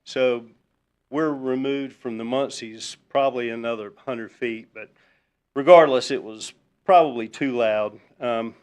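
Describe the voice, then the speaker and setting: A man speaking at a town council public hearing, relaxed and folksy, with many ums. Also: mid-range voice, measured pace, smooth. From Virginia, US. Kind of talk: public comment at a council meeting.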